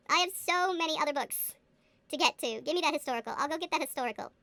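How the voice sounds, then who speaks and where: A gaming booktuber chats to herself while playing, giving casual game commentary in a high-pitched, fast, pushed and bright voice. She's giggly and playful, now and then slipping into a put-on mock accent. The recording is dry.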